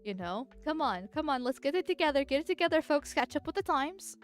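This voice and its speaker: Soft music plays behind this political vtuber, whose voice-changed speech sits high with big pitch swings and moves a little fast. It's casual chat and chat-reading, rambling and giggly, full of restarts.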